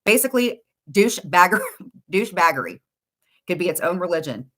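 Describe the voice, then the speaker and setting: A woman's voice: on the low side, very animated, fairly quick, a bit bright. A middle-aged woman with a blunt, insulting, exasperated manner, ranting in casual chat on a livestream. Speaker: livestream commentator.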